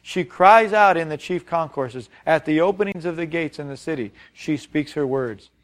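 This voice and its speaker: A man's voice: on the high side, moderate pace. A man preaching a sermon, reading scripture and putting emphatic questions to his congregation. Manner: reads scripture aloud, then explains it plainly. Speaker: pastor.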